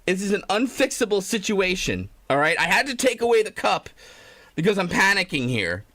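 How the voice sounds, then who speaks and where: High, bright-voiced man ranting on stream. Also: very animated, normal speed. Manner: rambling, profane, self-pitying, breaks into laughter. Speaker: live streamer. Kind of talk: comedic live-stream rant.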